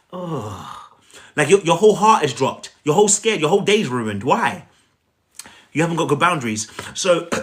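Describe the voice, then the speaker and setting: A man's voice: a little high, a bit bright. A man giving an emphatic, repetitive coaching talk on a live stream, asking viewers to repeat after him and speaking to them directly. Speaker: relationship coach.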